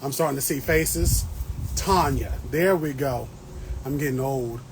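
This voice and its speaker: A man's voice: mid-range voice, a little slow, slight background noise, rough recording. Thirties male host, chatty and playful, talking to live viewers from his garden over a phone, faint background ambience. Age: 30s. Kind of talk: casual live-stream chat. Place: outdoor garden beds. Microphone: phone livestream.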